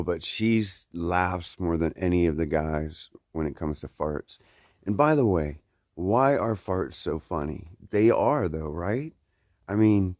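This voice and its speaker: Deep-voiced laid-back hiker man. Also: darkish tone, no room sound, clean studio sound. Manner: rambling, laid-back, many fillers and laughs. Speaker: hiker vlogging his trail days. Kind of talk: casual trail vlog chat. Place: outdoors on a mountain trail.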